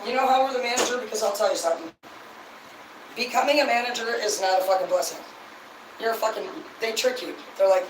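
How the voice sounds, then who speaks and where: A woman's voice: on the high side, a little fast. A woman hosting a casual livestream rant, blunt and heavily profane as she rambles. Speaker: livestream host. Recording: echoey, distant mic, noisy background.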